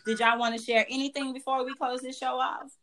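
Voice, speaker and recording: A young woman hosting a podcast, telling a story in a lively, profane way and acting out the voices of the people in it, often laughing. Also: high-pitched, a little fast, a little hiss or hum. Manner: animated, profane, acts out quoted voices with laughter. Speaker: podcast host. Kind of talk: casual storytelling chat.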